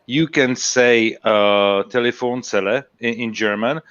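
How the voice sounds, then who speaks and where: A man's voice: medium pitch, a little slow, a bit bright, clean tone, dry recording, dull audio. A man chatting on a stream, hesitant and searching for words, with many restarts. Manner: hesitant, lots of restarts and fillers. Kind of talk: casual chat.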